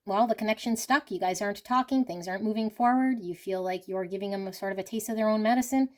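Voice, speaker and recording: A woman's voice: mid-range voice, fast talker. A woman reading tarot cards for a love reading, talking in an earnest, coaching way with frequent "you know" and "okay?". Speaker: tarot reader. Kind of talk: intuitive tarot reading monologue.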